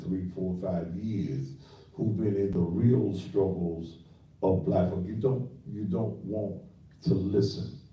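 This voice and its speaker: Deep-toned man scolding in an echoey room. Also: mellow, far from the mic. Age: older. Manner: preachy and scolding, talking to listeners directly. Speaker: talk show host. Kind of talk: radio commentary.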